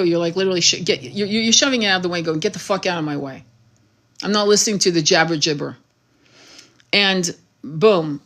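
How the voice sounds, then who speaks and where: A woman's voice: medium pitch, a bit bright. A woman who reads tarot talks loosely to her livestream audience in a mid-range voice. She is blunt and peppers her talk with swearing and easy laughter. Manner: frank, swears freely, laughs often. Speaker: spiritual tarot reader. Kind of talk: casual livestream monologue.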